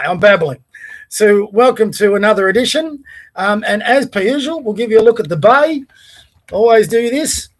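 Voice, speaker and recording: A man with an Australian accent hosting a casual daily podcast, rambling and chatty, stopping to talk to his dog. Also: high-pitched. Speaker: podcast host. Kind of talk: casual solo vlog chat. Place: home by the bay.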